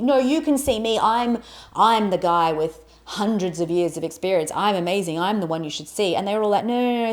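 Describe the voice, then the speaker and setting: A young adult woman on a podcast, telling a story in a lively, casual way, swearing and acting out quotes in a loud voice. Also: medium pitch. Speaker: podcast co-host.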